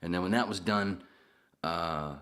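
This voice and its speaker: A man's voice: sits low, a little slow, a bit bright. A man hosting a podcast, telling long profane stories in a casual rambling way. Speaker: podcast host. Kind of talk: casual storytelling chat.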